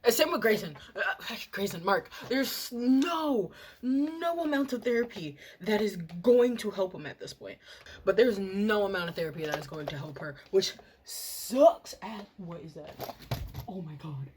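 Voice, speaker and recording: A young woman chatting casually while doing her makeup, rambling and excitable, swearing and laughing often. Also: mid-range voice, unhurried, slight background noise. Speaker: makeup and TV review vlogger.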